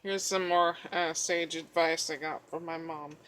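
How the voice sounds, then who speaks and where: A woman talks slowly while she pages through a journal, in a bright, forceful voice. She rambles from one story to the next and swears casually. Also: low voice, fairly even intonation. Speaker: craft vlogger.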